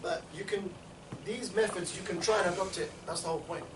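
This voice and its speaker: A man with a fairly high voice coaches a group of trainees, rattling through his points quickly and tossing in "yeah?" and "right?" to keep them with him. He was recorded in an echoey indoor room from some distance away, with a faint hum of ambience behind him. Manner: rapid, chatty, keeps checking in with "yeah?" and "right?". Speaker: street outreach trainer. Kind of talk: instructional group talk.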